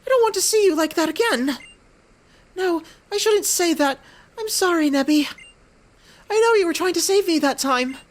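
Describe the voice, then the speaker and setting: A man voicing a shy, gentle teenage girl in falsetto, with soft, hesitant, apologetic speech that comes out slightly British. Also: lively intonation, normal speed, long pauses. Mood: worried.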